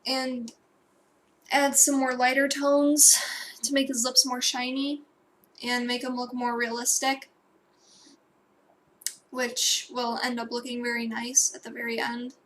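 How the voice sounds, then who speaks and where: Young woman, casual tutorial voice-over, high and monotone, light background noise. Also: measured pace, pauses often. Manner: rambling, self-correcting, with fillers and asides. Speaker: digital painting tutor.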